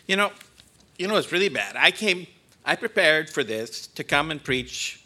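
A man's voice: on the high side, big pitch swings, normal speed, bright, forceful tone. A man in his sixties, a guest preacher in a church, choked up and joking at himself as he opens his sermon. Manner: choked up, joking, self-deprecating. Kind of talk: emotional sermon opening. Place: church sanctuary.

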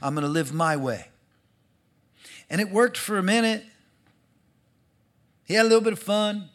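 A man preaching a sermon to his church, acting out the people in the story and swinging between loud and hushed delivery. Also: high voice, normal speed. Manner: animated, acts out quoted voices, swings from loud to hushed. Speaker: pastor.

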